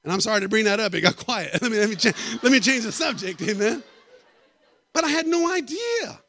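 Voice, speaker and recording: A middle-aged man preaching a sermon, telling animated stories and joking with the congregation. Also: sits high, a little fast, no echo. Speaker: guest preacher. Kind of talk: storytelling sermon.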